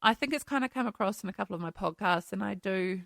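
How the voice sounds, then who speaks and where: A woman's voice: mid-range voice, animated, fast talker, vocal fry, fairly bright tone, dry recording. Woman, solo podcast host; open-hearted, giggly, swears freely, dry close sound. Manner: candid and emotional, laughs often, swears casually. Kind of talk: casual solo podcast chat. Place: New Zealand home.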